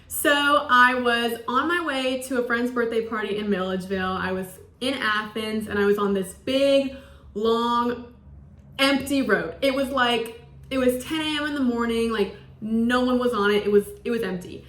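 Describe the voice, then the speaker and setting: A woman's voice: on the high side, fairly even intonation, moderate pace, a bit bright. A woman in her twenties, a college student, telling a story in a chatty, casual way with lots of "like" and acted-out quotes. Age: 20s. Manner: chatty, peppered with "like", acts out quoted lines. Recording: roomy echo.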